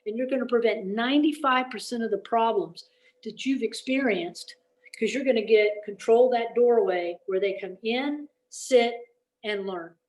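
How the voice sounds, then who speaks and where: A woman giving a lively teacher-training workshop in a folksy, emphatic way, often checking in with "okay?". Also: a little high, a little hiss or hum. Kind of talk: energetic classroom-management talk. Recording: echoey room.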